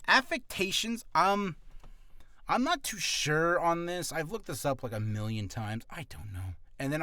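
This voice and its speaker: Lively, bright-voiced man rambling about voice acting. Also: mid-range voice, no echo. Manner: rambling, self-deprecating, breaks into quick voice demos. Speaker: aspiring voice actor and vlogger. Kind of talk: casual talk explaining voice acting tips.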